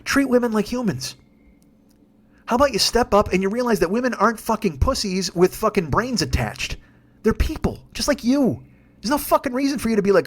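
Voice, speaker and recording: A man's voice: high voice, sing-song, fairly quick, breathy edge. A man in his fifties hosting his own podcast, ranting in a profane, exasperated and emphatic solo monologue. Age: 50s. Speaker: podcast host and comedian.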